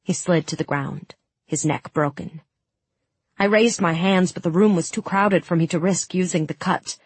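A woman narrating a fantasy audiobook in the first person, with steady, dramatic storytelling on a close studio mic. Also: fairly low pitch, moderate pace, breathy edge, no echo.

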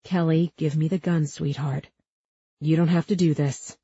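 A calm, steady man speaks low and firm, soothing yet commanding, as a woman narrator puts him on. The tone is husky, lowish and dry, with a slightly muffled sound. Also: moderate pace, no room sound.

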